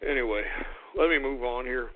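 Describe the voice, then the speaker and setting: A man's voice: mid-range voice, fairly quick. A man hosting a radio talk show, ranting in an agitated, swearing, stammering way. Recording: tinny phone-like radio audio.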